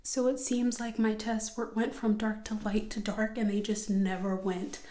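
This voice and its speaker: A young woman talking casually to her viewers, emotional and often slipping into a hushed whisper. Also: medium pitch, level tone, moderate pace. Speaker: vlogger. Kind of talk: casual vlog chat. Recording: echoey room.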